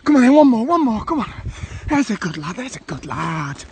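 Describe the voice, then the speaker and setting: A man plays an army instructor in a comic training sketch, talking high and brightly. He coaxes and jokes, then breaks into excited yelling. Faint background noise sits behind him. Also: brisk. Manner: jokey, coaxing, bursts of excited yelling. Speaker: army instructor in a comedy clip.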